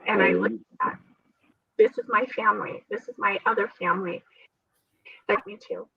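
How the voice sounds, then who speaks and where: A woman's voice: medium pitch, normal speed, gravelly, slightly rough, no room sound. A woman who survived a transplant, telling her story in an interview in an earnest, faith-filled way with frequent laughter. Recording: dull, dry sound from a distant mic.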